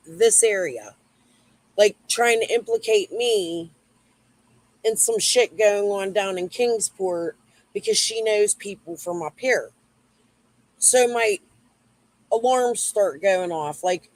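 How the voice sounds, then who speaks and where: A woman rants loosely into a livestream. She swears freely and drifts from thought to thought as she answers the chat. Her voice sits at a middling pitch and sounds close and dry, with no room echo. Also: slow, long pauses, darkish tone. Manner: rambling, profane, replying to chat. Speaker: YouTube livestream host. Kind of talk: casual livestream rant.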